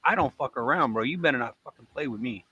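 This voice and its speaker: A man's voice: medium pitch, animated, sharp tone, slightly rough, no room sound, muffled recording. A male guest on a live stream, talking defensively with heavy profanity. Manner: profane, defensive, fast talk. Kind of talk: heated casual chat.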